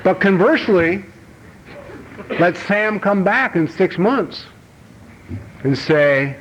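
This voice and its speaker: A middle-aged American man giving a talk at a recovery banquet, telling stories bluntly and acting out voices, shifting from quiet asides to loud outbursts. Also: high-pitched, lively intonation, slow, pauses often. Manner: blunt, rough-edged language. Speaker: AA speaker. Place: banquet hall. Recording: dull archival banquet recording with faint hiss.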